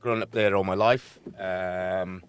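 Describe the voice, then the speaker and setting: A Welsh man in his thirties from Cardiff, a podcast guest telling his story in a relaxed, friendly way. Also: low-pitched, slow, a little hiss or hum. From Cardiff, Wales. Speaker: guest, personal trainer. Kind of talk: casual podcast interview. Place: small studio.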